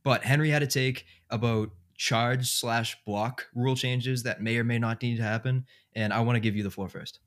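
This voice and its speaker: A man's voice: medium pitch, fairly even intonation, normal speed, few pauses. A man hosting a casual sports podcast, thinking aloud with lots of fillers. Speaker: podcast host.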